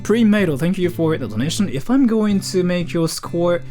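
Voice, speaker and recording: Animated young man with a Japanese accent. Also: high voice, normal speed, over music. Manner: animated, joking, frequent filler words. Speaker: streamer. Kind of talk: livestream chat reading donations.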